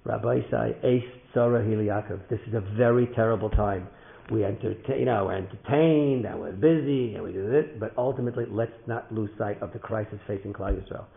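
A man telling a story in a sermon, dramatic and animated, sometimes rising to a shout. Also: on the low side, brisk, vocal fry. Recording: thin phone-like sound in an echoey hall.

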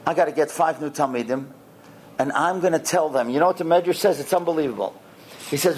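A man teaching a lesson to boys and adults, telling stories with lively acted-out quotes and asking the listeners questions. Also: fairly high pitch, fast, a little hiss or hum. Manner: lively, acts out the quoted characters, quizzes the listeners. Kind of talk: animated storytelling lesson with questions to the audience.

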